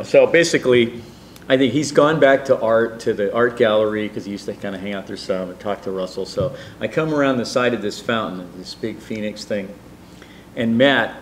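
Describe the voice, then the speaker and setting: A middle-aged man telling a personal story in a rambling, animated way, with many fillers and restarts. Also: fairly low pitch, a little hiss or hum. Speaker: storyteller guest.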